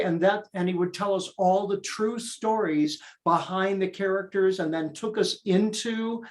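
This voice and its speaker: Slow, eager older man telling stories. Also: high-pitched. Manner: eager, animated storyteller. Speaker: theater director and performer. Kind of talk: interview guest, storytelling.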